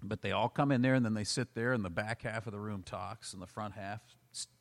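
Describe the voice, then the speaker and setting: A man in casual chat, telling stand-up comedy road stories with animated delivery. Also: lowish voice, fairly quick, gravelly. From United States. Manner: animated storyteller, acts out loud quoted yelling.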